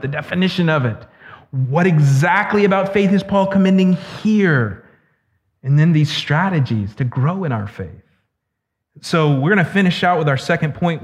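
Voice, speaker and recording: A man preaching a sermon as pastor, earnest and slowing down to stress key words. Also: a little high. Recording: echoey hall, dull lo-fi sound.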